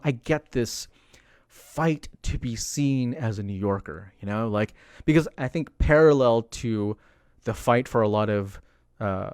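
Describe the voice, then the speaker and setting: A young man chatting casually on a livestream, rambling with lots of fillers and animated asides. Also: mid-range voice, no room sound, studio quality. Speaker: streamer commenting on politics.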